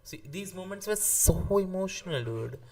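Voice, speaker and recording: A man in casual live-stream reaction commentary, excitable and swearing freely, often restarting his sentences. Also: high-pitched, moderate pace, far from the mic. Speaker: streamer ranking anime arcs.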